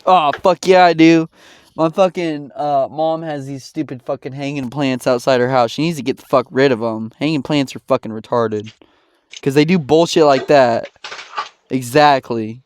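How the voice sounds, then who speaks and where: A man's voice: mid-range voice, normal speed, a little mellow, a little hiss or hum. A man hosting a podcast, reacting to clips in a blunt, profane, ranting way. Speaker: podcast host. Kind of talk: casual reaction commentary.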